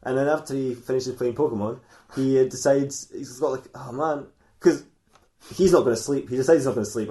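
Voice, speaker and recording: A man's voice: medium pitch, animated, brisk, darkish tone, reverberant. A man hosting a comedy podcast, improvising a rambling story with frequent laughs and restarts.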